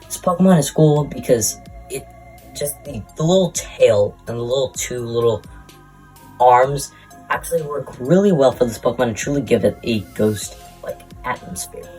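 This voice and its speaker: A man's voice: medium pitch, expressive, normal speed, dark tone, faint music behind, poor audio. A man giving rambling, crude casual commentary, out of breath, with jokingly insulting asides. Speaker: YouTuber ranking Pokémon.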